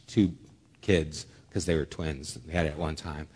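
A man preaching a sermon, telling a lively personal story with humor, then dropping soft and low for solemn points. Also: moderate pace, breathy edge, in a large hall. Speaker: pastor.

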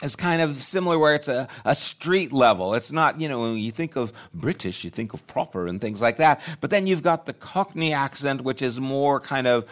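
A man's voice: mid-range voice, animated, moderate pace, few pauses. Conversational male preacher in a sermon. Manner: conversational, thinking aloud with frequent restarts. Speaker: pastor.

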